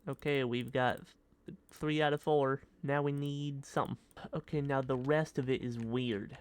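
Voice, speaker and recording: Young male streamer, mid pitch, silly rambling game commentary, keys clacking. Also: steady tone, normal speed, clean tone. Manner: silly, rambling, bursts into high yelps. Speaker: gaming streamer. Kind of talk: casual gameplay commentary.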